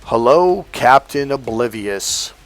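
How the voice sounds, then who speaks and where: A man's voice: mid-range voice, animated, slow pace, faint music behind. A man talking as a dating coach in a profane, emphatic rant straight to his listeners. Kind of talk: monologue to camera.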